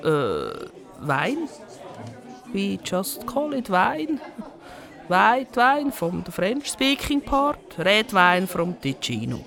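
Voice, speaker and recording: A woman from Switzerland with a Swiss German accent, performing a lively, mock-serious comic monologue with sudden shifts of tone. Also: medium pitch, slow, creaky, some chatter behind. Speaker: comedian.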